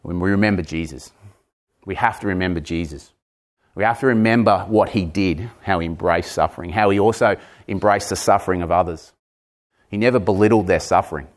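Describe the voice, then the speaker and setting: A man in his forties preaching a sermon, emphatic, repeating words and moving between raised and hushed delivery. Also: low voice, brisk. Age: 40s.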